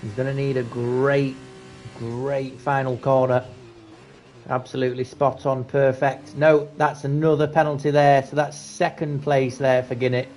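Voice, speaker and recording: Male race caller, mid-pitch, laid-back and chatty, lifts for close finishes; faint hiss underneath. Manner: casual, chatty, rising excitement at close battles. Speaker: race commentator. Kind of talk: live sim racing commentary.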